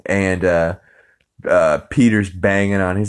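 A man's voice: low voice, a little slow. A man hosting a podcast, casually recapping a cartoon episode, rambling with many fillers. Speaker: podcast host.

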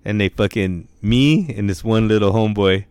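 A young man with a smooth, somewhat low voice tells stories in a relaxed, slangy way, swearing freely and peppering his talk with "bro" and "dude". The sound is close and dry, with no room echo. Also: normal speed. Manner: laid-back slang, heavy swearing, lots of "bro" and "dude". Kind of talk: casual storytelling chat.

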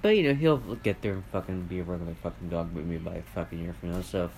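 A man with a somewhat low voice talks on his own podcast in a loose, meandering rant. He swears constantly and circles back with fillers and false starts. Faint household noise hums behind him at home. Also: fast, a little mellow. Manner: rambling, profane, lots of fillers and restarts. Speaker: podcast host. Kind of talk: rambling solo podcast rant. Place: at home with family around. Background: faint household noise, dogs and TV.

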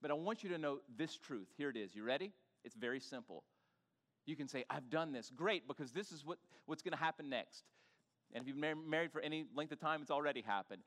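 Male pastor, animated and chatty with the pews, a touch high-pitched, long hall echo. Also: a little fast. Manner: animated, banters with the congregation. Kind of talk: sermon. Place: church sanctuary.

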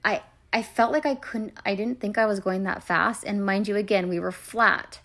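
A woman's voice: mid-range voice, moderate pace, vocal fry, fairly bright tone. A woman in her thirties hosting a podcast, telling stories in a chatty, self-deprecating way with lots of fillers. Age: 30s. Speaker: podcast host and coach. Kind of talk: casual chat.

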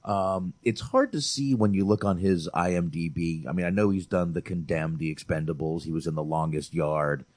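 A man's voice: sits low, moderate pace, hardly any pauses, no room sound. A man co-hosting a movie podcast, chatting casually and profanely, calling his friend dude. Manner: animated, swears freely, says dude. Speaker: podcast co-host reviewing movies.

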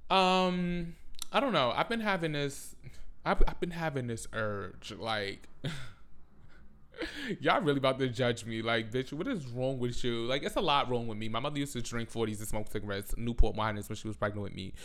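20s Bronx man, profane and animated, casual rant to camera. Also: mid-range voice, normal speed. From the Bronx, New York. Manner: animated, profane, loud outbursts and laughter. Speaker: vlogger.

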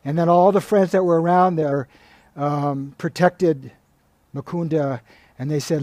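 A man, a monk, giving a spiritual talk in a calm, measured way, retelling stories and reading passages aloud. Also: on the high side, no room sound.

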